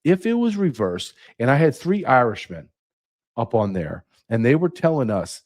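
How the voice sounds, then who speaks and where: A man's voice: medium pitch, very animated, normal speed, a little mellow. A man hosting his own show, delivering an indignant opinion monologue with sarcastic asides. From United States. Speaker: podcast host.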